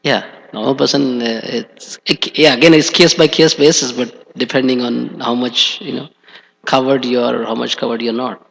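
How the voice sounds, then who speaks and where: A man's voice: medium pitch, fairly even intonation, normal speed, gravelly, fairly bright tone, slightly rough. A man giving a scripture class in a temple hall, talking hesitantly with many fillers. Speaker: class speaker. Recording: dull echoey hall recording.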